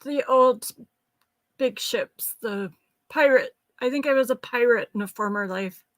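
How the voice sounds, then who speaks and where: A woman joins a live sale with brief, playful remarks. Her voice sits a little high. The recording is dry and close. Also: unhurried, no room sound. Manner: short, playful replies. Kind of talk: casual chat.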